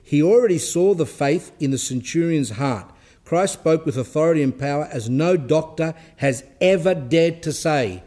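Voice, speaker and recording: A man delivers a sermon to his congregation in a fairly high voice. He speaks emphatically, repeating key phrases and laying out his points one by one. He drops in an occasional Greek church word while he explains. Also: lively intonation, normal speed, mellow. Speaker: Orthodox preacher. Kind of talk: sermon teaching.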